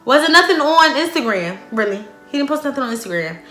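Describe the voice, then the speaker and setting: A young woman tells a storytime to her camera, dramatic and animated, with plenty of swearing and slang. Her voice sits fairly high and rings bright. The room around her is echoey, with faint music underneath. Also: fairly quick. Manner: profane, slangy. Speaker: vlogger. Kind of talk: casual storytime.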